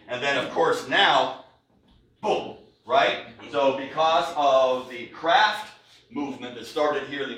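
A man's voice: fairly high pitch, a bit bright, far from the mic. A man presenting a whiskey tasting to a live audience, chatty and jokey, with many fillers. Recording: echoey room, recorded from afar.

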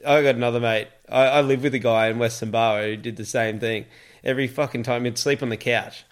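A man's voice: mid-range voice, fairly even intonation, a little fast, clear, resonant tone. A man chatting casually, telling a funny story and laughing easily. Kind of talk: casual chat.

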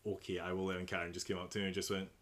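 A man's voice: sits low, racing. A young man from England, a personal trainer, telling gym stories in casual podcast chat, acting out the dialogue and laughing often. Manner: animated storyteller, acts out dialogue, laughs often.

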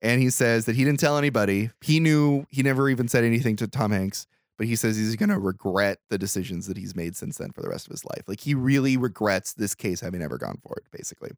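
A man's voice: fairly low pitch, quick pace, hardly any pauses, no room sound, studio quality. A man casually retelling a movie scene by scene on a podcast, acting out the characters' lines with loose swearing. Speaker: podcast host. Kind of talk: casual movie recap chat.

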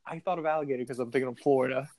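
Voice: mid-range voice, racing, darkish tone. A podcast host chatting casually on a remote call, asking questions and laughing often. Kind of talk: casual chat.

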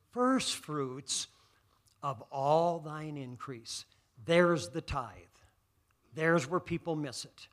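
Bright-voiced fervent male preacher. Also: high-pitched. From United States. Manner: builds from calm teaching to loud fervent exhortation; quotes scripture in slow measured phrases. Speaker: pastor. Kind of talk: sermon.

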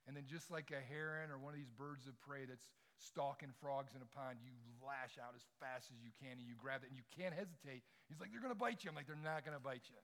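A man's voice: mid-range voice, fairly quick, few pauses. A middle-aged man preaching to a room full of people, telling personal stories and acting out the quoted lines with bursts of volume. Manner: animated storyteller, acts out quotes loudly. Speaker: campus ministry speaker. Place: large room with audience.

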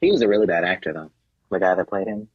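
A man co-hosting a podcast in casual chat, telling animated stories that jump into high comic voices. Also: fast, breathy edge, no echo, lo-fi sound. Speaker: podcast co-host.

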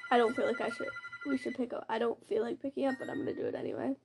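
A woman giving live commentary on her own game play, excitable and gasping as she reacts. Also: on the high side, rapid-fire, creaky, noisy background. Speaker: gamer narrating her play.

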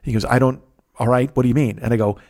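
Fast-talking profane man ranting. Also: medium pitch. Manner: profane, ranting, animated storytelling. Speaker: podcast host. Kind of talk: casual storytelling monologue.

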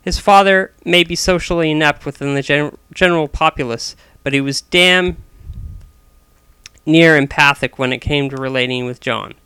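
A man's voice: a little high, normal speed, sharp tone, clean tone, no echo. A man reading a story aloud as narrator, with frequent small restarts.

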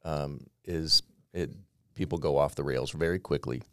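A man's voice: very deep voice, moderate pace, pushed and bright, dry recording, studio quality. A middle-aged man, an executive pastor, explaining earnestly and emphatically in a podcast conversation.

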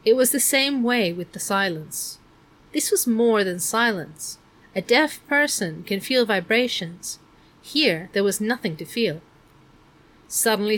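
A woman narrating an audiobook in a middle pitch. Her reading is measured and expressive throughout.

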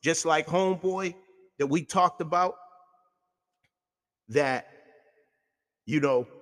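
A man rants through a heated, profanity-filled talk-show monologue. His voice sits a little high for a man. It carries a long, reverberant room sound. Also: slow, fairly bright tone. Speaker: radio show host.

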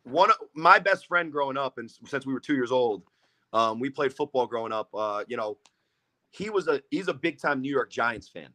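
A man's voice: mid-range voice, lively intonation, normal speed, sharp tone. Joking man guest on a podcast. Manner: joking, self-mocking, swears freely. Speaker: podcast guest, football quarterback. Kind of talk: casual podcast chat.

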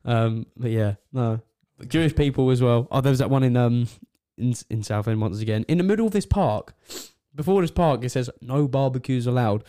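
Mellow-voiced young man rambling through stories. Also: medium pitch, animated, moderate pace, few pauses. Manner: chuckling, rambling anecdotes. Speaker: podcast co-host. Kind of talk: casual chat, storytelling.

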